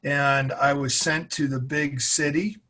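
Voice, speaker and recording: Animated man, lively storyteller. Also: on the high side, a little slow. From Massachusetts. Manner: animated storyteller, acts out voices. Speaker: guest. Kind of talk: storytelling interview.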